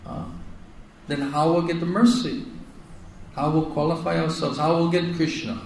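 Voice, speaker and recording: Male spiritual teacher, a bit high-pitched, emphatic and repetitive, recorded in a roomy hall. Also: steady tone, moderate pace, gravelly, a little mellow, a little hiss or hum. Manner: emphatic, repeats phrases, asks "isn't it?". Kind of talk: devotional lecture. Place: lecture hall in India. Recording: echoey hall, heard from a distance.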